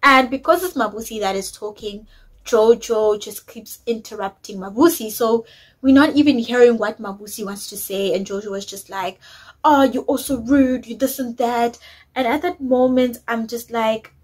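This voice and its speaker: A woman's voice: a little high, moderate pace, low-quality recording. A woman, chatting opinionatedly as she recaps a reality show episode, dropping in isiZulu words. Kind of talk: casual recap chat.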